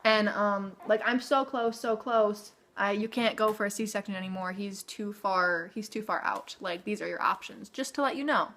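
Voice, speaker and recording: A young woman tells her story straight to the camera from her home. Her voice is bright, and her pitch sits in the middle range. She talks in a chatty, tumbling way, full of "like" and "okay?" asides. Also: normal speed, hardly any pauses. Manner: chatty, frequent "like" and "okay?" tag questions. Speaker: vlogger.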